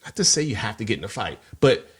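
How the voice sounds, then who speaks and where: A man's voice: fairly low pitch, sing-song, fast talker. A man co-hosting a podcast, telling a personal story in casual chat and acting out the voices of people he quotes. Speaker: podcast co-host.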